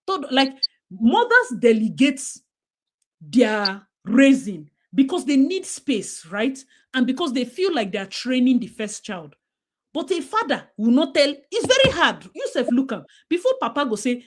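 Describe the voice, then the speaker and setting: A woman's voice: high-pitched, very animated, moderate pace, a little mellow. A woman with a Nigerian accent talking emphatically in a casual discussion, slipping into Pidgin and acting out what parents say. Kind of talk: casual talk-show discussion.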